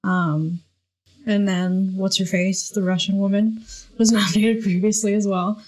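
A woman co-hosting a casual film podcast, offering background facts in a measured way. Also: medium pitch, fairly even intonation, darkish tone. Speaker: podcast co-host. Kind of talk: casual chat.

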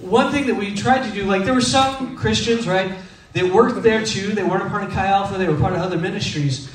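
Here a man from Texas, in his thirties, preaches a little fast in a high voice. His sermon unfolds as casual, humorous storytelling laced with self-deprecation, and the recording sounds distant and roomy.

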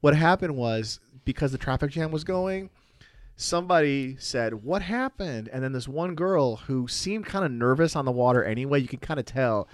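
A man's voice: mid-range voice, lively intonation, normal speed, no echo. A man co-hosting a podcast, chatting casually, explaining at length and joking. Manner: easygoing, explains at length, jokes. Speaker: podcast co-host. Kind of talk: casual chat with product review.

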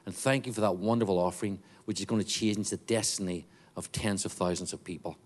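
Joking Northern Irish preacher. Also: male voice, deep voice, a little fast. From Northern Ireland. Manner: joking, then rising to fervent preaching. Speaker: guest preacher, missionary. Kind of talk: sermon with jokes. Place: church before a congregation.

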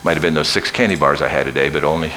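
Deep-voiced older preacher, loud to hushed. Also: male voice, racing. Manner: swings from loud shouting to hushed near-whispers; folksy and joking. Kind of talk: sermon.

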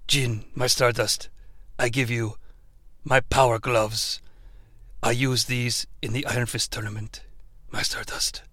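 A man voicing a wistful male mentor who murmurs slowly in a low, breathy near-whisper. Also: little pitch movement, sharp tone, no echo, clean studio sound. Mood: mock tender.

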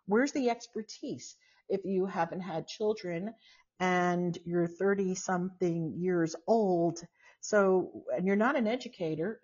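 A woman's voice: medium pitch, a little mellow. A woman in her sixties hosting a casual live-stream talk, musing aloud with many fillers and asides. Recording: dull lo-fi sound.

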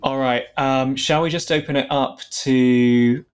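A man hosting a casual podcast retrospective, chatty and quick to laugh. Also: mid-range voice, steady tone, clear, resonant tone. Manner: laughs often, loose and chatty. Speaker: podcast host. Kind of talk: casual chat.

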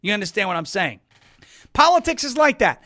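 A man from Long Island, New York, hosting a political talk show with wisecracking, sarcastic commentary and bursts of loud emphasis. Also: high voice, very animated, fairly quick. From Suffolk County, New York, US.

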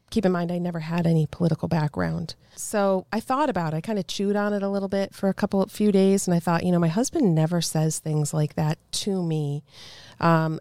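A middle-aged woman with a low-pitched voice tells a personal story in an interview. She is animated, and she acts out the voices of the people in it. The sound is close and dry, with no room echo. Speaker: congressional candidate. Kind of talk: telling a personal faith story.

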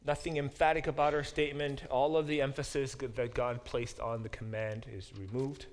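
A man's voice: on the high side, moderate pace, few pauses. A male professor teaching a Bible class, lecturing with many fillers and restarts and reading verses aloud. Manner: reads verses aloud and explains them.

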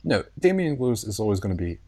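Deep-voiced dude chilling on a podcast, wry storytelling, lively pitch. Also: male voice, fast talker, a little hiss or hum. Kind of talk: casual chat.

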